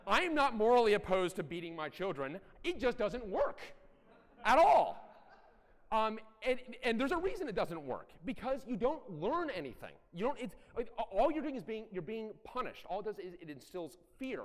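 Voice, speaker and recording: A middle-aged man giving a conference talk, animated and blunt, with self-deprecating asides and occasional profanity. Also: high-pitched, brisk, hardly any pauses. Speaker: conference speaker. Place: large conference hall. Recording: echoey hall.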